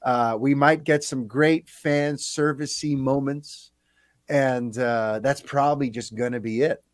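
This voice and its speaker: A man hosting a casual podcast chat, talking in a chatty, animated way with quick asides. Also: medium pitch, dry recording, clean studio sound. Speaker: podcast host.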